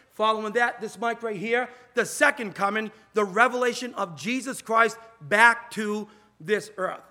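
A man's voice: high voice, sharp tone. A man preaching a sermon from a church pulpit into a microphone, drawing out words for emphasis and quoting scripture. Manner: emphatic, drawn-out preaching delivery with scripture quotes. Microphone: pulpit mic.

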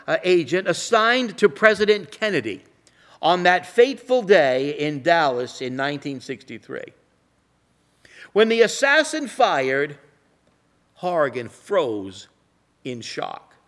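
A man preaching with an unusually high voice that swoops up and down. He talks slowly and dramatically, sinking to a near hush to stress a point. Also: big pitch swings. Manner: slow, dramatic delivery, drops to a hush for emphasis. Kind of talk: sermon with illustrative stories.

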